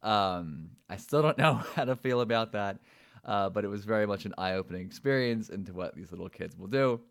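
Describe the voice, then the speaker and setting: Low-voiced man telling a story. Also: lively intonation, a little fast, vocal fry, no room sound, clean studio sound. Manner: rambling with fillers and repeated words. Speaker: podcast host. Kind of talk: personal storytelling.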